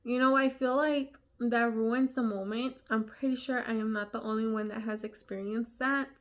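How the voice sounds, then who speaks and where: Young woman chatting to her viewers, lots of "you know" and "like", kinda high voice. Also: fairly even intonation, normal speed. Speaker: vlogger. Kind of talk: casual storytime chat.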